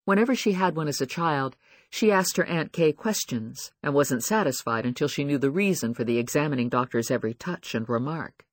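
A man narrating an audiobook in a measured, expressive reading. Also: a little high, dry recording. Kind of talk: scripted narration.

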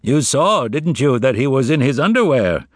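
A man's voice: mid-range voice, sing-song, normal speed, no room sound, clean studio sound. A man voicing a stern, cold restaurant manager who gives commanding orders like a pirate captain.

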